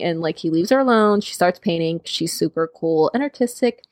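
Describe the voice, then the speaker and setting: A woman's voice: fairly low pitch, dry recording, studio quality. A young woman co-hosting a casual chat, recapping a story and acting out characters' lines. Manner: animated, acts out characters' lines in quick voices.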